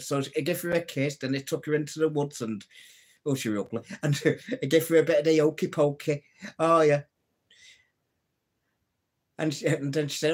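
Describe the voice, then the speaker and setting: A man's voice: fairly high pitch, fairly even intonation, moderate pace, long pauses. A man hosting a casual live stream, telling old jokes, reading out viewer comments and laughing at his own punchlines. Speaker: livestream host.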